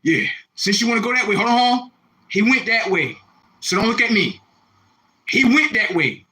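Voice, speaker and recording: A young man on a live stream, reacting to viewer comments in a confrontational, repetitive rant with loud outbursts. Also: high-pitched, animated, moderate pace, slightly rough, poor audio. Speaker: livestreamer.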